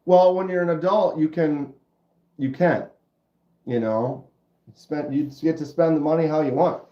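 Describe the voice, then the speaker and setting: A middle-aged man with a stuffy nose hosting a casual livestream, chatting with viewers in a laid-back, drawn-out way. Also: fairly high pitch. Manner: laid-back, drawn-out, says dude and bro. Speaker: livestream host. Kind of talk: casual livestream chat reading comments. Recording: roomy, dull lo-fi sound.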